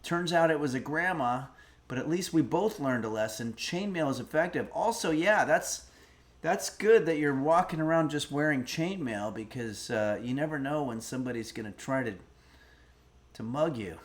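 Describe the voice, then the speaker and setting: A man's voice: fairly high pitch, expressive, normal speed. A middle-aged man hosting a livestream, musing aloud in a rambling, casual way as he reads donations and a recipe. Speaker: streamer host.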